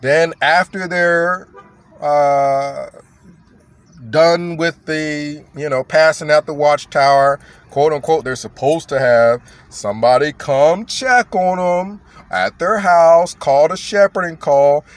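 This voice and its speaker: A man delivering a casual rant as a commentator, blunt and mocking, pressing hard on his points. His voice sits a bit high, and he talks at an unhurried, slow pace.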